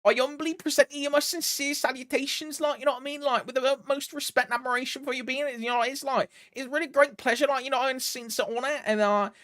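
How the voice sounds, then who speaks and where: A man's voice: very high voice, a bit bright, voice pushed up. A man putting on a chattering Scouse lad, with a Scouse accent, rambling on with lots of fillers.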